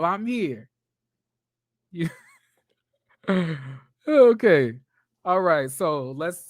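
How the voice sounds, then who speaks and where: A woman's voice: lowish voice, dry recording, studio quality. A woman in her twenties hosting a casual livestream, chatty and sassy, greeting viewers by name. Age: 20s. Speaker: livestream host.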